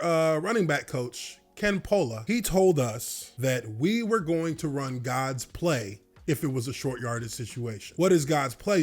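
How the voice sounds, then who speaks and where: A man, a former football lineman, telling a story from his playing days in an animated way, swearing and laughing now and then. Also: a little high. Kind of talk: storytelling monologue.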